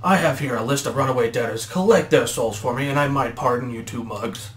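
A man voicing the booming, sly male devil who runs a casino, in a menacing, snickering manner. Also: fairly quick, far from the mic, lightly acted. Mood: gloating. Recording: roomy echo, faint background noise.

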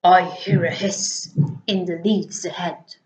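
A woman voicing a huge, slow-witted male monster in a storybook reading, with a lower, gruff voice. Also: fairly even intonation, darkish tone. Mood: wondering. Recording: echoey dull lo-fi room.

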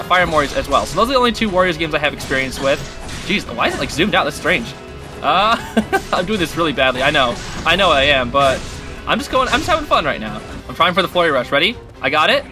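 A man hosting a gaming channel, giving excitable, chatty commentary while he plays and talks to the characters on screen. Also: on the high side. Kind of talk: casual gameplay commentary. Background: game music.

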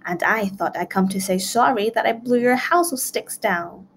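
A woman's voice: on the high side, moderate pace, a little hiss or hum, close to an everyday voice. A woman voicing a sly, greedy male wolf in a storybook read-aloud, coaxing in her own middle voice.

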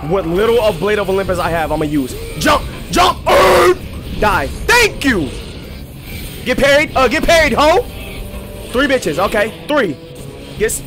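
A young man commentating his own gameplay, excitable and profane, trash-talking enemies and shouting at the screen. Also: sits high, measured pace. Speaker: gaming channel host. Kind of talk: let's play commentary. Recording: game music clearly behind the voice.

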